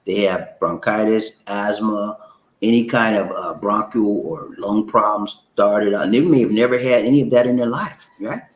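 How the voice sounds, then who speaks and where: A man hosting a casual livestream who talks loosely and animatedly, jumping up high when he gets worked up. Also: normal speed, reverberant, poor audio. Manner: animated, swings up high when excited, says "man" and "okay?". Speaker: livestream host.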